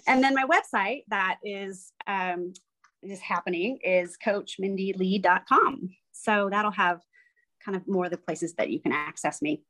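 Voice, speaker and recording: A woman's voice: medium pitch, a little slow, pushed and bright. Chatty woman coach, full of ums. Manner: rambling, frequent ums, acts out quoted voices. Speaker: fitness coach, podcast guest. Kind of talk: casual chat.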